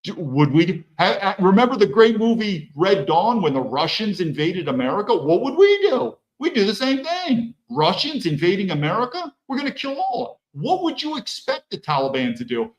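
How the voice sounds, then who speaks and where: A heated male host delivers political commentary, firing rhetorical questions and swearing freely. His voice sits high and swings animatedly. The room adds a roomy echo. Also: sing-song, normal speed, few pauses. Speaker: podcast host. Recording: echoey room.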